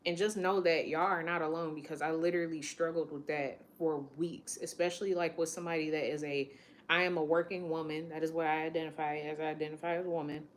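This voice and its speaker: A woman's voice: low voice, steady tone, quick pace, a little hiss or hum. A woman in her late twenties telling a personal story in a candid, emotional way, often quoting what others said to her. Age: late 20s. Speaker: vlogger.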